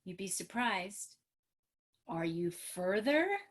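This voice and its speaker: In a slow-paced, medium-pitched voice, a middle-aged trauma therapist delivers an emphatic, animated webinar by video call. She dramatizes what parents and children say, heard through a computer microphone on the call.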